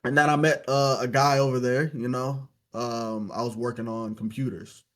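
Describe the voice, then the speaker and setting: A young man from Louisiana speaks as a podcast guest, his voice sitting at an ordinary middle pitch. He tells his story loosely and reflectively, threading "you know" through nearly every thought. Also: flat delivery, moderate pace, a bit bright. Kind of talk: casual interview storytelling.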